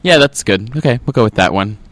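Lively low-voiced man, fast and dry. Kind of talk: casual panel chat.

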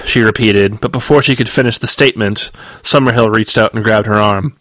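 A man's voice: fairly low pitch, fairly even intonation, a little fast, few pauses, fairly bright tone, dry recording. Man narrating his own novel, dry and close. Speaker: author reading his book. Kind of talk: audiobook narration.

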